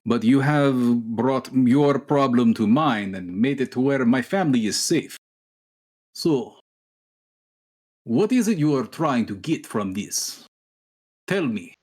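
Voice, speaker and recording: A man voicing a gruff male exile with a cheesy fake Russian accent and broken, blunt grammar. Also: medium pitch, lively intonation, takes it slowly, long pauses, a little mellow, pitched above the performer's own voice. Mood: wary.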